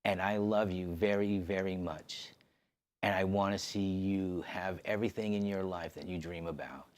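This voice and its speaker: A man voicing the soft, pleading words of a tearful woman friend in his own low voice. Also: steady tone, normal speed, lightly acted.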